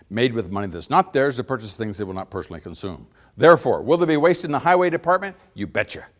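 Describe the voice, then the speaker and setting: A middle-aged man giving a folksy speech, telling stories with acted-out dialogue and chuckling at his own jokes. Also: a little high. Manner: animated storyteller, acts out little dialogues, laughs at own jokes. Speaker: speaker.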